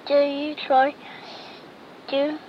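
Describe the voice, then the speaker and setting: A woman's voice: high-pitched, flat delivery, extremely slow. A woman reading a picture book aloud to a child, playfully imitating animal and object sounds and asking the listener to join in. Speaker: reader to a child. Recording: dull lo-fi with faint noise.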